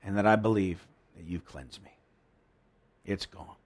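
A man's voice: low voice, a little slow. A man preaching a sermon in an earnest, emotional way, often restarting his sentences.

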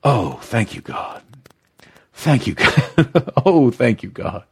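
A man's voice: medium pitch, sing-song, slow, fairly bright tone, slightly rough. A man preaching a devotional teaching, exuberant and emotional, leading listeners to repeat phrases after him. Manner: exuberant, emotional, leads call-and-response repetition. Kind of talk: devotional teaching, podcast-style.

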